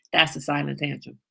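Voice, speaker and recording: A middle-aged woman hosting a livestream, chatting casually and emphatically with viewers and telling animated stories. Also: lowish voice. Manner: animated storyteller, emphatic, reads viewer comments. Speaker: livestream host.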